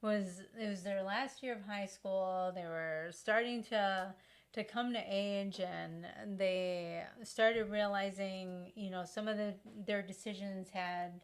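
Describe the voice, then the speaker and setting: A woman's voice: medium pitch, steady tone, takes it slowly. A woman co-hosting a casual podcast chat, thoughtful and often trailing off with ums. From Latin American heritage. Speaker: podcast co-host.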